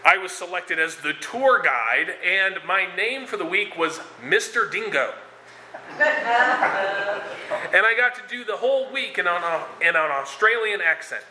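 A man's voice: high-pitched, animated, unhurried, sharp tone, a little hiss or hum. A man giving a conversational sermon, with frequent fillers and restarts as he explains scripture and tells a story. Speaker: preacher. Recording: echoey room.

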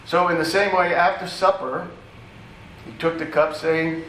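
A man gives a sermon in a relaxed, teaching tone, with asides to his listeners. His voice sits a little high and is picked up from a distance. The room echoes around him, with a faint hum of ambience underneath. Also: a little slow. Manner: conversational teaching with asides to the congregation. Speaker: pastor.

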